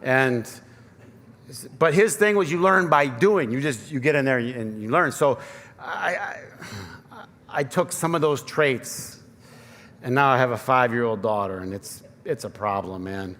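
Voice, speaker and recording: A pastor in his thirties with a Michigan accent gives a conversational, self-deprecating sermon full of personal stories. His medium-pitched voice is a bit bright and a little slow, carried by long church reverb and faint ambience in the sanctuary.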